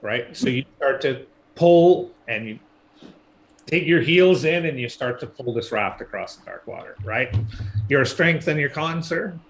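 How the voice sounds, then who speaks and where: A man narrating a tabletop game as dungeon master, relaxed and laughing often. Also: mid-range voice, unhurried.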